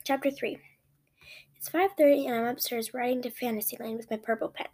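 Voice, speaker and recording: A high-voiced woman reads her own story aloud for her podcast. She reads with plenty of expression, stumbles often and corrects herself as she goes. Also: a little fast. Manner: expressive, with frequent restarts. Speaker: podcast host reading a story.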